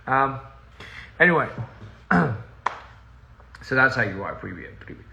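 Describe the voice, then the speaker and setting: A man's voice: medium pitch, sing-song, drawn-out words, vocal fry, pauses often. A young man chatting casually on a livestream from his house, rambling, easily sidetracked and laughing often. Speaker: musician streaming live to fans. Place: house, indoors. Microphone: phone. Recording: echoey room, faint ambient noise.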